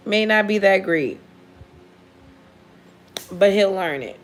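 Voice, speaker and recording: A woman's voice: medium pitch, slow pace, pauses often. A woman giving a casual live tarot reading for viewers, blunt and profane, often laughing as she talks. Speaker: tarot reader.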